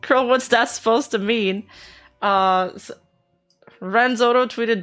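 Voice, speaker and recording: A woman's voice: a little high, slow pace, a bit bright. Casual woman streamer with music under her. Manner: laughs often, counts under her breath, blunt and sweary. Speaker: streamer reacting to news. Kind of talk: casual live-stream chat.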